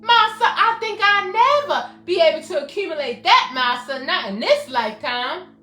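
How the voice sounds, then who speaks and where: A woman's voice: very high-pitched, lively intonation, normal speed, sharp tone, heavily acted. A woman voicing a timid, defeated servant who pleads in a meek, self-doubting way. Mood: meek pleading. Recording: roomy echo, faint music behind.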